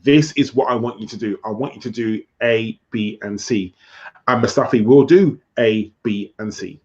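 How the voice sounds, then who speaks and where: A man's voice: lowish voice, normal speed. A man co-hosting a football podcast, giving his views in an earnest, emphatic way and often repeating himself. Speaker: podcast co-host. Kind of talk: casual football discussion. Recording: dull lo-fi sound.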